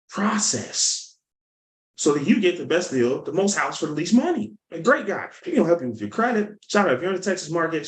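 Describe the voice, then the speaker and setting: A sales coach gives a lively, motivational teaching talk, telling stories and acting out quotes as his pitch bounces up and down. His voice sits a little high for a man, and the room has an echo.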